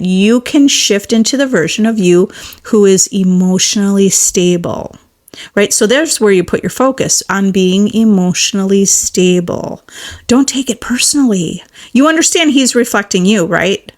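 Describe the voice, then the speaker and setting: Woman coach giving upbeat affirmations. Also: medium pitch. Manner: encouraging, repetitive affirmations, casual fillers. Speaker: manifestation coach. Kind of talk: live-stream coaching, answering viewer comments.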